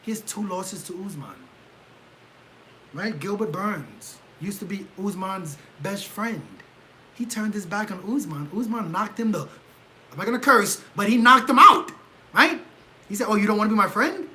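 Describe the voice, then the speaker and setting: Livestream host, male, high bright voice, excitable and rhetorical, faint hiss on the recording. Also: unhurried, poor audio. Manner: animated, rhetorical, keeps asking "right?"; gets loud and excitable. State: leg cramp. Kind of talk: casual livestream commentary.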